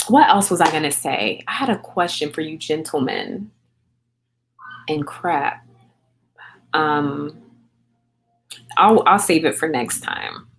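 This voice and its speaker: A woman's voice: low-pitched, lively intonation, slow pace, long pauses, slight background noise. A woman in her thirties with an American accent, casually chatting with viewers on a livestream, greeting them by name and answering their comments. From grew up in England on a US military base. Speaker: livestream host.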